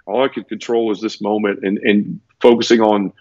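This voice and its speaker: A fairly low, slightly mellow male voice speaks at normal speed with a flat delivery, telling an emotional personal story as an interview guest. Earnest and close to tears, he trips over restarts and repeats words. The recording is dull, lo-fi, dry and close, lacking room echo.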